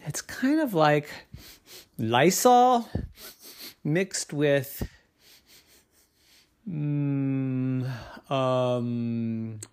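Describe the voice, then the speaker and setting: A woman telling an improvised bedtime story to children, in a playful sing-song way with dips into whispers. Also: low-pitched.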